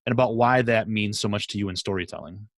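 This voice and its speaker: A man's voice: on the low side, fast talker, dry recording, clean studio sound. A man from Michigan hosting a podcast interview, laughing often and keeping it friendly. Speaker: podcast host. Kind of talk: casual interview chat.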